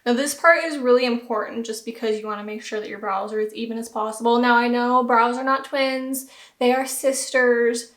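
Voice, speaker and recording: A young beauty vlogger with a light American Southern accent chats casually and self-deprecatingly through a home beauty tutorial. Her slightly high, a-bit-bright voice holds a steady tone at a moderate pace, with a roomy echo in the recording.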